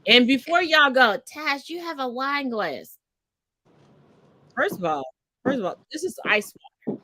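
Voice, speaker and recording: A woman in her forties co-hosting a live stream, brash and profane, teasing her co-host and swooping up loud when excited. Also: high voice, a little slow, pauses often, no echo, studio quality. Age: 40s.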